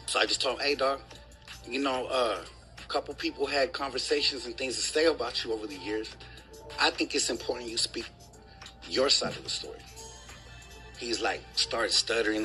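Bright-voiced man telling a story. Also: mid-range voice, moderate pace, long pauses, faint music behind, poor audio. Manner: casual storytelling, quoting others with slang. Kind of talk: recounting a story in a clip.

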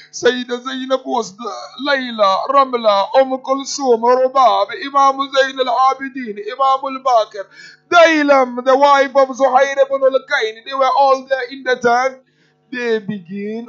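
High-voiced man preaching a mournful sermon. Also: a bit bright. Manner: impassioned, prompts listeners with 'huh?'. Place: mosque. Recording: dull lo-fi with faint music.

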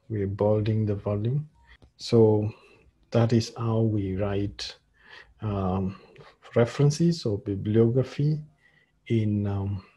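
A man teaching a screen-share coding tutorial as a lecturer, talking slowly and haltingly with many fillers. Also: fairly low pitch, dark tone, slightly rough.

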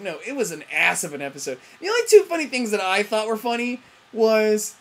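A woman's voice: fairly high pitch, very animated, a little fast. A woman ranting in a TV review vlog, profane and rambling, often breaking off mid-sentence. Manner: frequent self-interruptions and fillers. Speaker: TV review vlogger.

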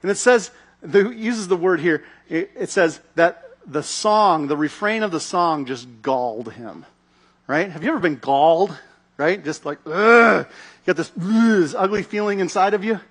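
A man's voice: high voice, lively intonation, moderate pace, husky. A man giving a sermon as pastor, telling a story animatedly and acting out its scenes.

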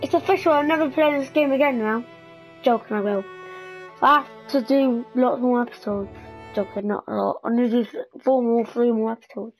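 A woman's voice: on the high side, moderate pace, soft background music, low-quality recording. A woman giving let's play commentary on a story game, dramatic and emotional, repeating words over and over. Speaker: gamer playing a story game.

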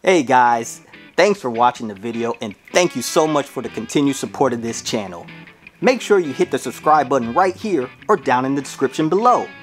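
A man hosting a reaction video, chatting excitably to his viewers with laughing asides. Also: mid-range voice, a little fast. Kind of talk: casual reaction commentary. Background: music video playing faintly.

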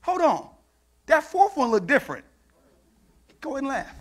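A man preaching a sermon in church, acting out Bible dialogue in call-and-response style and building into shouts. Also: extremely high pitch, sing-song, moderate pace. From United States.

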